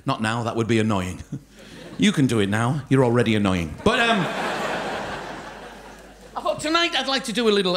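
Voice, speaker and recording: A man performs stand-up comedy live on a theatre stage. His voice is fairly high and swings up and down as he ribs a volunteer. Faint noise sits under the live recording. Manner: teasing, quick ribbing of a volunteer. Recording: live theatre show with audience laughter.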